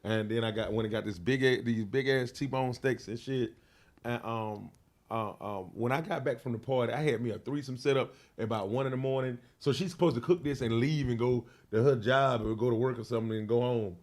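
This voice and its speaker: A man telling a wild personal story in an interview, slangy and profane, full of fillers, getting loud and animated as he acts it out. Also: mid-range voice, a little fast. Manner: grows loud and animated when reenacting. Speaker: interview guest.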